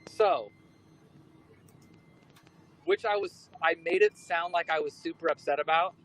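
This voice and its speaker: A man in his thirties calls in by phone from a moving car, his voice somewhat high and bright. He rambles in an animated, joking way over faint road noise. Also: measured pace, rough recording. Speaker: guest. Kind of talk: casual chat.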